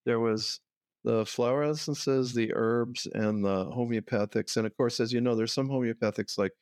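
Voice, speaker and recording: A man's voice: mid-range voice, steady tone, moderate pace, a little mellow, no room sound. Older man herbalist, dry close sound. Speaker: guest herbalist. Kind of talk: conversational interview.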